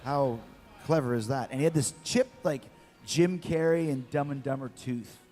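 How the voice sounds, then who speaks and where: A middle-aged man, a guest in an interview, telling lively anecdotes with repeated words. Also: mid-range voice, normal speed. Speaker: guest, former wrestler. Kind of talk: storytelling in an interview. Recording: long reverb with faint music.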